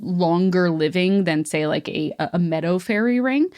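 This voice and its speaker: A woman's voice: lowish voice, lively intonation, moderate pace, a little mellow, clear, resonant tone. A woman co-hosting a podcast, relaying folklore in a chatty, lightly amused way. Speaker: podcast co-host. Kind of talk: casual chat.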